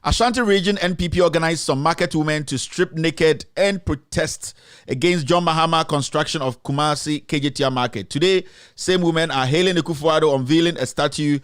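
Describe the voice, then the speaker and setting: Ghanaian male commentary host, heated and repetitive, higher voice, dry close mic. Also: fairly quick, fairly bright tone, clean tone, no room sound. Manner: impassioned, repetitive, mixes English with Twi. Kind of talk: live-streamed political commentary.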